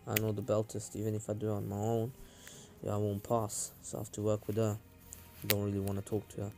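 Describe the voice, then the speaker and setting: A man's voice: lowish voice, completely flat delivery, quick pace, dark tone, faint music behind, close to an everyday voice. A man voicing a cold, distant teenage male ninja, with curt, muttered lines.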